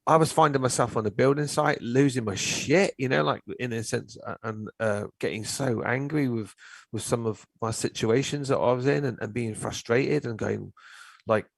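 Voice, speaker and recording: A middle-aged man telling stories in casual chat, animated and swearing freely. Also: mid-range voice, moderate pace, vocal fry, dry recording. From England. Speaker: guest, therapist.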